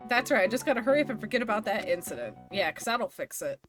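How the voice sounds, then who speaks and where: A woman streamer with a somewhat high voice that swoops widely, reading game dialogue aloud in playful put-on voices. Game music plays faintly behind her. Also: a little fast. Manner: animated, reads characters' lines with playful voices and laughs.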